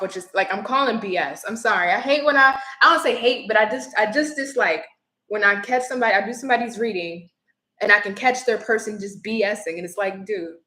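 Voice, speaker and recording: A woman's voice: medium pitch, sharp tone. A woman giving a casual, chatty tarot reading on a livestream, talking bluntly and laughing easily. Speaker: tarot reader. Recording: echoey room with faint noise.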